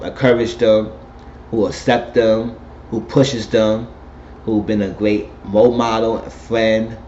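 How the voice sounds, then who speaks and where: A man giving a casual, animated spoken recap of a TV episode, retelling scenes and quoting the characters. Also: on the low side. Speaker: TV recap host. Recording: dull lo-fi recording with faint noise.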